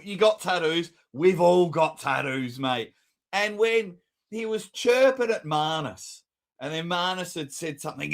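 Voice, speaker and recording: A higher-pitched man with a lively, up-and-down voice teases his way through casual sports chat. His talk is mocking and rambling. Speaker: podcast co-host.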